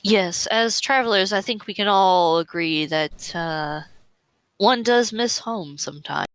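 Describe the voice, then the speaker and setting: A woman's voice: medium pitch, a little slow, clear, resonant tone, no echo, low-quality recording. A woman playing in a tabletop game, speaking politely and formally in character. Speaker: player. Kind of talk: tabletop role-play.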